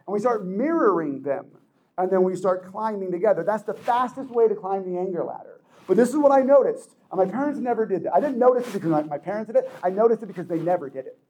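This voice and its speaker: A man giving a lively motivational talk to a young audience, acting out quoted voices and laughing often. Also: high voice, quick pace, dull audio. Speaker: speaker addressing teens.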